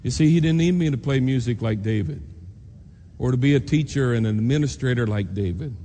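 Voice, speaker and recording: A man's voice: mid-range voice, a little fast, mellow. A man preacher telling a personal story in an earnest, emotional sermon, acting out the voices of people he quotes. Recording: long reverb in a large hall, faint noise.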